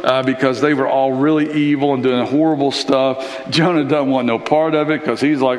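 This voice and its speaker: A man preaching a sermon in a church, telling Bible stories in an animated, conversational way. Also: medium pitch, moderate pace, few pauses. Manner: animated storytelling, acting out Bible characters. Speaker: pastor. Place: church hall. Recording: echoey hall reverb.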